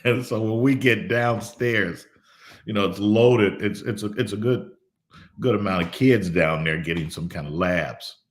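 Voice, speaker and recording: A middle-aged man, a pastor, telling a personal story in an unhurried devotional way, often repeating his words. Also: lowish voice.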